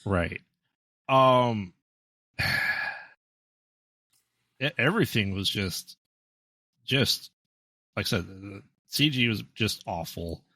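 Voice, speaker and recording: A man's voice: on the low side, lively intonation, takes it slowly, long pauses, bright, forceful tone, dry recording. Laid-back man talking movies on a podcast. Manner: laid-back, hesitant with ums and restarts, dry asides. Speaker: podcast co-host. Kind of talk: casual movie review chat.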